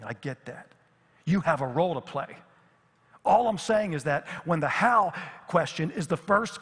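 A middle-aged man preaching a sermon as pastor, swinging from lively emphasis to hushed, near-whispered repetitions. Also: on the high side, slightly rough. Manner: dynamic, drops to near whisper on repeated phrases. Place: church sanctuary. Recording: long reverb of a church hall.

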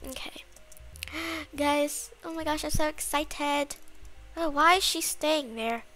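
A woman commenting on her own video game play, excitable and quick to gasp and shriek in fright. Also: sits high, faint music behind. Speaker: gaming channel host. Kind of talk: Roblox gameplay commentary.

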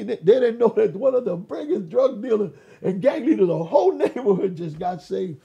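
A man giving a testimony in an interview, storytelling in an animated way and acting out the voices of people he quotes. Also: high-pitched, a little fast, gravelly, hardly any pauses, breathy edge. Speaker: interview guest.

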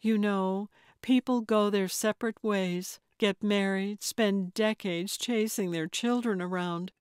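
A woman's voice: medium pitch, fairly even intonation, slow, a little mellow, smooth, no room sound, clean studio sound, close to an everyday voice. A woman voicing a charming, gracious older lady who speaks in a sweet, cooing, lilting way in an audiobook. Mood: wistful. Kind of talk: audiobook character voice.

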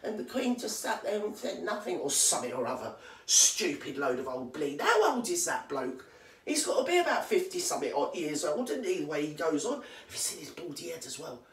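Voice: big pitch swings, fairly quick. A performer playing an indignant old English granny with a British accent who gossips and swears in a rambling comedy monologue, recorded in a roomy space from a distant mic. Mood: ranting gossip. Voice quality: slangy, swears constantly and rambles. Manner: mock-outraged gossiping with big pitch swings.

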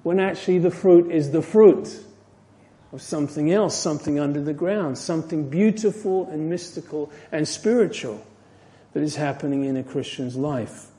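A man giving an expository Bible teaching in an earnest way. His voice sits fairly high but has a mellow, warm tone. He lifts his voice to stress a point and lets it fall soft at the close. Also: normal speed. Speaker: pastor.

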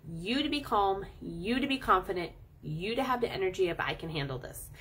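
Woman, middle-aged, husky voice, casual coaching talk, playful and animated. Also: medium pitch. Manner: animated, playful, drawn-out emphasis. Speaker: animal chiropractor and channel host.

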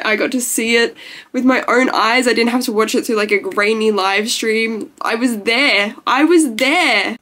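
A young woman talks straight to her camera in an excited, gushing rush, filling her sentences with "like". Her voice sits a little high and sounds close to tears. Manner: gushing, emotional, lots of "like". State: tearful. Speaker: vlogger. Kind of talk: casual talking-to-camera vlog.

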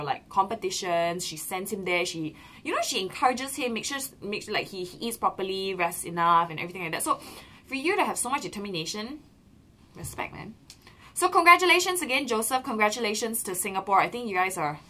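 A young woman with a Malaysian English accent, telling a story in a casual vlog from a small room, bubbly and animated. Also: medium pitch. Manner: bubbly, animated, lots of "lah" and "okay". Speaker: vlogger.

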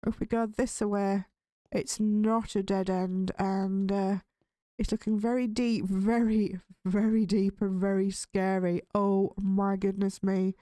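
A woman hosting a relaxed game let's play, chatting through her build and getting nervous and giggly in dark caves. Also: medium pitch, a little slow, clean tone, no echo, studio quality. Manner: chatty, easily spooked, nervous laughs. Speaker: gaming channel host.

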